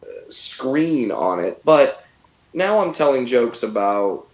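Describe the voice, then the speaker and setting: A man's voice: mid-range voice, sing-song, takes it slowly, reverberant, rough recording. A man in his thirties, a comedian guest telling stories in a casual interview and acting out quotes in funny voices.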